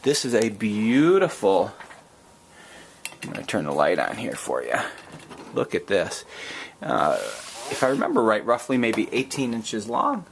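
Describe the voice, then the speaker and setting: A man's voice: lowish voice, wildly swooping pitch, unhurried, long pauses, slight background noise. A man with a Minnesota accent chatting in a casual, unscripted vlog, rambling with fillers and restarts as he shows and prices items, griping and swearing now and then. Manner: rambling and chatty, with frequent fillers and self-corrections; gripes with mild swearing. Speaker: collector selling and trading items.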